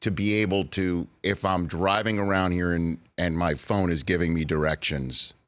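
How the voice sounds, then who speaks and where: A man's voice: low voice, fairly even intonation, moderate pace, a bit bright, no room sound. A man hosting a talk show, asking playful, eager questions in casual interview chat.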